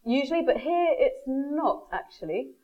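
A woman's voice: high voice, moderate pace, muffled recording. A woman giving a marketing talk to a live audience, telling stories and acting out quoted voices. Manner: lively storyteller, quotes people in animated voices.

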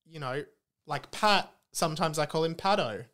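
A man's voice: a little high, lively intonation, moderate pace, fairly bright tone. A man with an Australian accent hosting a comedy podcast, playful and laughing often. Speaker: podcast host and author.

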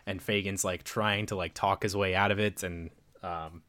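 A man casually recapping a movie plot, rambling with many fillers and quick voiced quotes. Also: low-pitched, steady tone, fairly bright tone, dry recording. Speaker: podcast co-host.

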